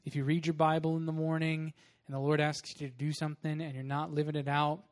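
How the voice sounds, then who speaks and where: Young male pastor, slightly high voice, casual and animated sermon delivery. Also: quick pace. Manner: casual, animated storytelling with laughs.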